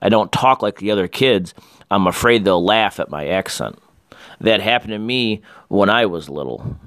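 A man voicing a shy, gentle young girl who talks softly in a storybook reading. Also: on the low side, expressive, moderate pace, dry recording, studio quality. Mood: confiding. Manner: soft, gentle.

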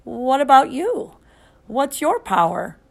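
A nervous mother whose questions rise in a lilting, higher tone, voiced by a woman reading a storybook. She sounds gentle and worried. Her words float upward. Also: very animated, slow pace, gravelly, full character voice. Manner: nervous lilt. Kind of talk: audiobook character voice.

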